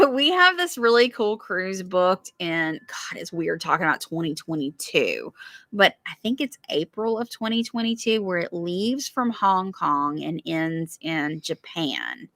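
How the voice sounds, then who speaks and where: Brief: bright, chatty woman live-stream co-host, dry close sound. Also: on the low side, animated, a little slow, no room sound. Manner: chatty, reads viewer comments aloud, laughs often. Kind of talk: casual live-stream chat. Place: backyard, outdoors.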